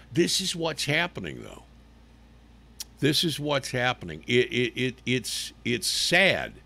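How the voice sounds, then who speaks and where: A man's voice: medium pitch, creaky, a bit bright, no room sound. An older man hosting a live talk show from his living room, folksy and rambling, often repeating his words.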